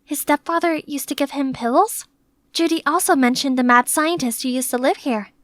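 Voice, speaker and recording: A young woman narrating an animated story in the first person, in a lively, chatty way. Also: high voice, moderate pace, no room sound.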